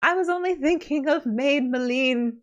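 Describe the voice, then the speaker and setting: A woman voicing a young maid in disguise, speaking in a high sing-song, old-fashioned manner. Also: moderate pace, lo-fi sound, natural voice. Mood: evasive.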